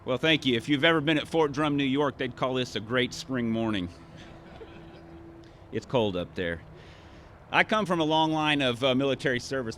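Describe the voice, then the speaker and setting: Man in his 50s, ceremony speech outdoors, bright tense voice, faint outdoor hum behind. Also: mid-range voice. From Arkansas. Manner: commanding drill calls at moments. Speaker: ceremony speaker.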